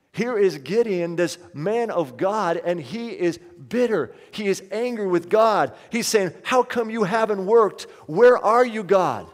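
A man's voice: high-pitched, long reverb tail. A man preaching a sermon as pastor, pleading and impassioned, acting out the voices of the people in his story.

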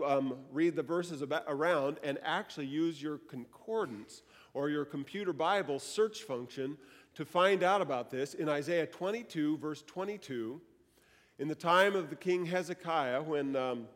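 A man preaching a sermon, moving between quiet teaching and loud, fervent declarations. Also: fairly high pitch, normal speed. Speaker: pastor. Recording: long hall reverb.

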